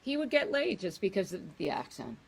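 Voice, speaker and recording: A woman's voice: mid-range voice, big pitch swings, fairly quick, creaky, husky, poor audio. A woman in her forties, a podcast guest, telling blunt, chatty, self-deprecating stories. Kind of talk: casual comedic storytelling.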